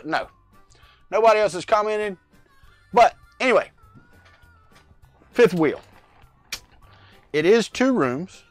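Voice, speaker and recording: A man's voice: high voice, animated, a little slow, long pauses, no echo, faint music behind. A middle-aged man hosting a casual livestream from his home workspace, rambling and greeting viewers in the chat by name, talking into a lavalier mic. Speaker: livestream host. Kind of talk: casual live-chat vlog.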